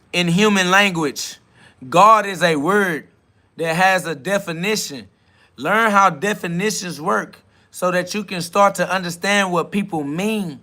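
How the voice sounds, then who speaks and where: A man's voice: high voice, unhurried, sharp tone. A man hosting a live spiritual self-talk podcast, preaching in a rambling, slangy way and answering comments from his chat. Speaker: podcast host.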